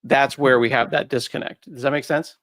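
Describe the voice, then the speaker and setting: Animated man explaining in a dry close recording. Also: medium pitch, fairly quick, dry recording. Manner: animated explainer who acts out quoted voices. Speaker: guest. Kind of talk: conversational interview.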